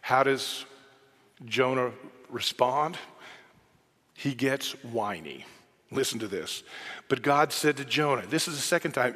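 A man's voice: mid-range voice, slow, long pauses, breathy edge. A male pastor preaches with a mid-range voice, drifting from near-whispered asides to emphatic, punchy quotes. He sounds like he's in a church sanctuary, his words trailing off into a long, echoing hall reverb. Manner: conversational preaching with shifts between soft asides and emphatic quotes. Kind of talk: sermon.

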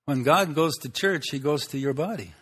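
A man preaching a sermon, teaching in an unhurried way, pausing often and asking the listeners rhetorical questions. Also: on the high side, fairly bright tone, slightly rough.

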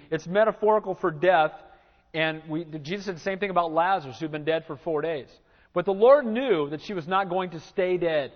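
A man preaching a sermon as pastor, animated and dramatic as he acts out Bible scenes in a church. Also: sits high. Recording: reverberant church hall, dull lo-fi sound.

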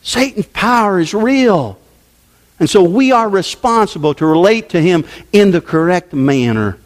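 A man preaching a sermon as pastor, emphatic and forceful, his delivery sweeping up and down. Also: high voice, lively intonation, measured pace. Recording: long hall reverb.

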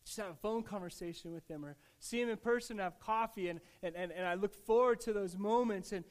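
A male pastor with a notably high voice delivers a heartfelt sermon. He talks in a conversational way, restarting phrases and dropping casual asides. His delivery dips to a near hush and then rises to emphatic, louder stretches. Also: brisk. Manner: earnest, with swings between hushed and emphatic delivery.

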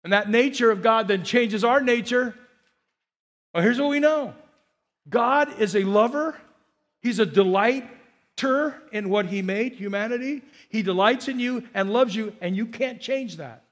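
A man preaching in a church, his voice sitting high for a man. He is animated, repeats his phrases and keeps coaxing the congregation to answer back. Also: measured pace. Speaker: pastor. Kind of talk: sermon.

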